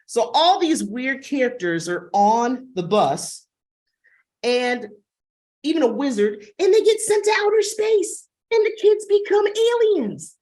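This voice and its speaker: A woman's voice: a little high, very animated, slow pace, darkish tone. A woman librarian giving a chatty, enthusiastic booktalk on a video call webinar. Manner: enthusiastic, chatty, acts out dog sounds.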